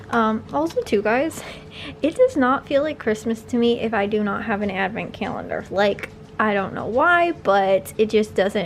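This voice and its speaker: A woman's voice: on the high side, a little hiss or hum. A young woman chatting casually in a home vlog, rambling with lots of fillers and repeats. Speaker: vlogger. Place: home at night.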